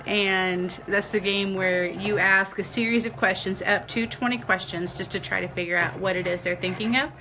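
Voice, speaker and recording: A woman's voice: medium pitch, background noise. An older woman with a Southern accent, hosting a crafting live stream in casual chat, laughing often and greeting her viewers by name.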